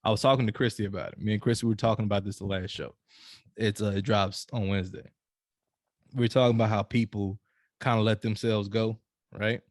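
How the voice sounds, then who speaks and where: A man's voice: on the low side, steady tone, fairly quick, no room sound. Laid-back man hosting a podcast, dry sound. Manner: laid-back, laughing, loose slang. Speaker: podcast host. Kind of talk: casual podcast chat.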